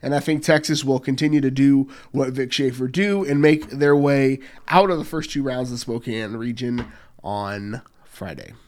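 A man co-hosting a sports podcast, giving steady, confident analysis in casual talk. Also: mid-range voice, normal speed. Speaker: podcast co-host.

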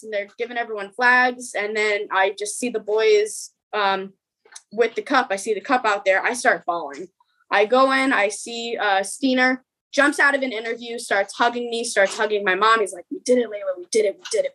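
A young woman, a podcast guest, telling a story in a rapid, emotional way, with many ums and quoted dialogue. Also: a little high, a bit bright, rough recording.

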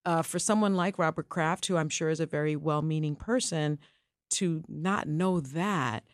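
A woman's voice: low-pitched, no room sound, clean studio sound. Emphatic opinionated woman podcast host. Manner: emphatic, opinionated, quick asides. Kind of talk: casual podcast chat.

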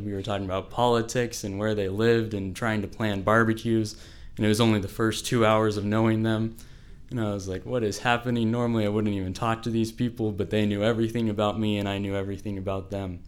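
A teenage boy telling a personal story to an audience, casual and full of "like.". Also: lowish voice. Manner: casual, fills speech with "like".

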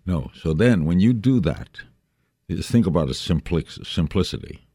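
Old guy in his 80s, super deep voice, quick rambling stories, dry close mic. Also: lively intonation, warm tone, breathy edge, no echo. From New York. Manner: brisk, anecdotal, jumps between thoughts. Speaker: interview guest, veteran broadcaster. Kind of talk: casual interview chat.

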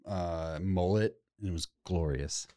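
Deep laid-back man. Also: a little slow, warm tone, no room sound, studio quality. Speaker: podcast host. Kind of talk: casual chat.

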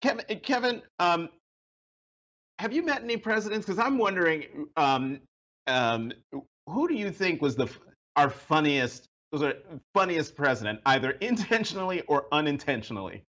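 A man's voice: a little high, expressive, normal speed, a bit bright. A man host moderating an interview, asking questions with some hesitant fillers. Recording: slightly muffled audio.

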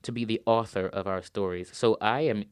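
A man's voice: lowish voice, steady tone, normal speed, smooth, no room sound, studio quality. A man, an opera singer, answering interview questions in an earnest, thoughtful way and repeating words for emphasis.

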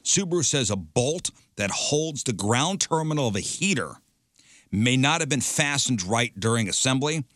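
A man's voice: medium pitch, expressive, moderate pace, a bit bright, no room sound, studio quality. A man co-hosting a casual talk show who reads out news items in a matter-of-fact way. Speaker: radio show co-host reading news items.

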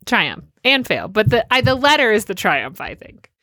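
A woman co-hosting a casual chat, talking lively and laughing often. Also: mid-range voice, normal speed, dry recording. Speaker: podcast co-host.

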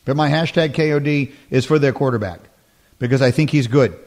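A man's voice: medium pitch, fairly quick, a little mellow. A man hosting a sports talk radio show, speaking emphatically and repeating his points.

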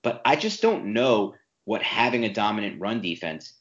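A man co-hosting a sports podcast, making an opinionated, animated case with rapid-fire arguments. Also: on the low side. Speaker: podcast co-host. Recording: echoey room, dull lo-fi sound.

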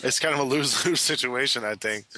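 A man co-hosting a casual basketball podcast, giving measured, thoughtful takes. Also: mid-range voice, pushed and bright, rough recording. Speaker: podcast co-host.

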